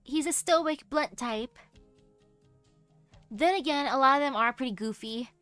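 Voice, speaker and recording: A chatty young woman talks over her game stream in a bright, higher voice, slipping into goofy, playful asides. The mic is close and the sound dry, with faint music underneath. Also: measured pace, no room sound. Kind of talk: casual game-stream chat.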